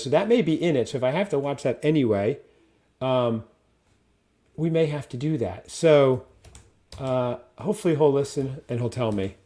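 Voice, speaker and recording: A man's voice: mid-range voice, mellow. A man co-hosting a casual podcast, chatty and talkative, reading film blurbs aloud. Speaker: podcast co-host. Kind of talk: casual chat.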